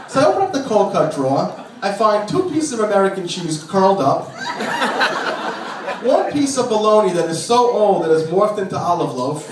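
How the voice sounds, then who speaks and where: A high-voiced man works through a stand-up set about his nagging wife and breaks into shrill impressions of her. The sound is a distant, echoey club recording with steady background noise. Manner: exasperated, shrieking put-upon impressions of his nagging wife. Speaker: stand-up comic. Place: small comedy club. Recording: roomy club from a distant mic, noisy. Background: crowd laughter.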